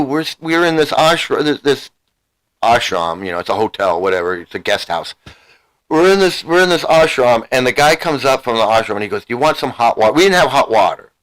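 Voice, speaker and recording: A man's voice: medium pitch, fairly bright tone, low-quality recording. A man in his sixties telling a story in a rambling, casual way, full of restarts and repeated words, with the odd swear. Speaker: vlogger recounting his past.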